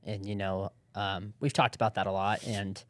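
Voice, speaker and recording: A young man co-hosting a podcast, telling stories in a relaxed, rambling way. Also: fairly low pitch, moderate pace, dry recording. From Southern California. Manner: relaxed, rambling storytelling with laughs. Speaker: podcast co-host. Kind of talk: casual chat.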